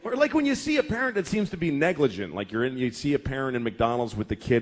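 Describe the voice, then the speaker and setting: A man's voice: lowish voice, expressive, a little fast, few pauses. A man in his forties doing stand-up comedy, telling stories in a profane, exasperated way.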